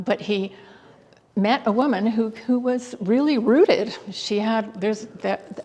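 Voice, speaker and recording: A woman's voice: mid-range voice, creaky, darkish tone, husky. A woman curator talking in an interview, enthusiastic and hesitant, with many fillers and restarts. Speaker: guest curator. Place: exhibit hall. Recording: long hall reverb.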